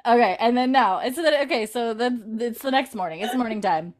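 A woman's voice: a little high, a little fast. Chatty woman telling a story animatedly. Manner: animated storytelling, many "like" fillers, laughs often. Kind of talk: casual chat, recapping a TV episode.

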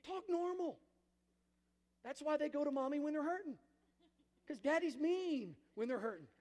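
A man's voice: extremely high pitch, animated, brisk, darkish tone. A man preaching a sermon as pastor, emphatic, with call-and-response to the congregation. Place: church sanctuary. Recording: reverberant church hall.

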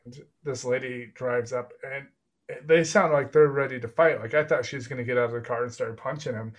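A man's voice: mid-range voice, fairly even intonation, fairly quick. A man from Texas hosting a podcast, chatting casually and telling stories. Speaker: podcast host. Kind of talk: casual chat.

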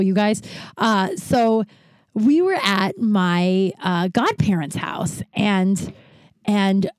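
A woman in her thirties from Colorado hosts a podcast, telling comic stories in a rambling, profane way and laughing often. Her voice is medium-pitched and slightly mellow, and the recording is dry.

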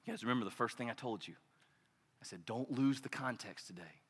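Male preacher, passionate sermon delivery, bright, forceful tone, long reverb of a large church. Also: mid-range voice, brisk, husky. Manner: passionate, swings from loud declarations to hushed intensity.

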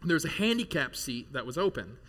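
A man in his thirties preaching a sermon to his congregation, telling a jokey personal story with animated bursts of loud excitement. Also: on the high side, fast. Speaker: pastor. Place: church service before a live congregation.

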